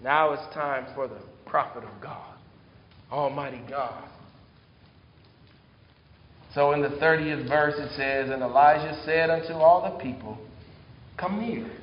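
A man preaching a sermon, retelling scripture in animated storytelling and reading verses aloud. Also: fairly high pitch, slight background noise. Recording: echoey hall, dull sound.

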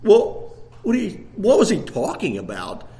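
An older man in his sixties preaches with a lilt. His voice sits very high for a man, and he pushes his points with fervent repetition, building to shouted emphasis. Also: wildly swooping pitch, a little slow. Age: 60s. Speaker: pastor. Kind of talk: sermon.

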